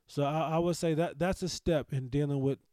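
A man's voice: a little high, fairly even intonation, a little fast, warm tone, no room sound. A man hosting a podcast, telling a personal story in an anxious, self-deprecating, rambling way. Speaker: podcast host.

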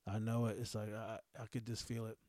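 Anxious rambling man, dark voice. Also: lowish voice, little pitch movement, fairly quick, no room sound. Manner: anxious, self-deprecating, rambling with restarts. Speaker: podcast host. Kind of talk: personal storytelling monologue.

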